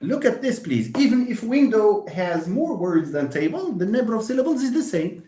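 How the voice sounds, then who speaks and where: A teacher giving a live online English lecture. They speak patiently and chattily, laugh easily, answer students by name, and draw words out slowly to count syllables. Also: mid-range voice, sing-song, mellow, roomy sound.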